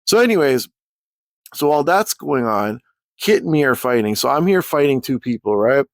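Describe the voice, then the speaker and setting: A man's voice: mid-range voice, lively intonation, brisk, no echo. A man telling a rambling, profane storytime rant as a YouTuber.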